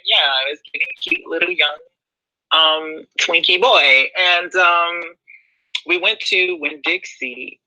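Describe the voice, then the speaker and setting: A young man telling a personal story in a casual, sassy, expressive way, full of slang. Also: on the high side, rough recording.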